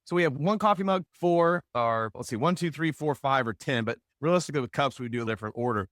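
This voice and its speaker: A man teaching a live marketing workshop, energetic and joking, swinging between loud and soft. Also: medium pitch, fast, no room sound, clean studio sound. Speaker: marketing instructor. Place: room with a live audience.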